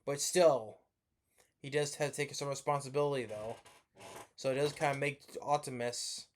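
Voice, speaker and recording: A man's voice: mid-range voice, fairly even intonation, normal speed. A man giving a rambling, profane movie review rant, sleepy and yawning as he talks, with lots of restarts.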